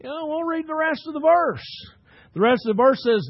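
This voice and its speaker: A man preaching a sermon as pastor, swinging between loud emphatic bursts and quiet asides. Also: very high-pitched, lively intonation, fairly quick, no room sound, lo-fi sound.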